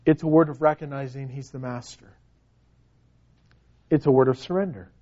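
A man preaching a sermon, dramatic, swinging from hushed words to loud cries. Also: medium pitch, steady tone, normal speed, lo-fi sound.

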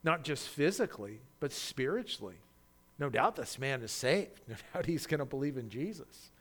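A man preaching a sermon, reading scripture and then expounding on it, swinging from loud, animated cries in the quoted voices to quiet, intimate asides. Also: mid-range voice, normal speed. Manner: acts out quoted voices loudly.

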